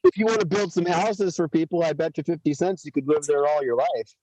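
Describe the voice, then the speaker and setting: A man's voice: on the high side, steady tone, brisk, warm tone, slight background noise, poor audio. Earnest, profane man in casual chat. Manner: profane, earnest, talks of cannabis growing. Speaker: podcast host.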